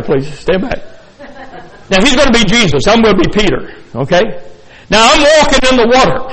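An older man preaching a sermon, animated, acting out the story and chuckling as he goes. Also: high voice. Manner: animated, acts out scenes, chuckles often. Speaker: pastor. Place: church sanctuary. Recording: reverberant church hall.

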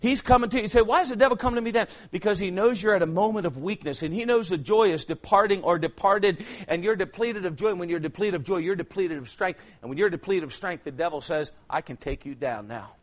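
High-pitched preacher, man; loud shouted sermon peaks, quiet low stories. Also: fast talker, few pauses, highs cut off. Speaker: pastor.

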